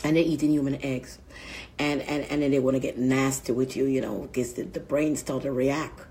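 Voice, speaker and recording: A woman's voice: extremely low pitch, steady tone, moderate pace, mellow. A woman vlogger talking in a rambling, crude casual monologue, often laughing mid-sentence.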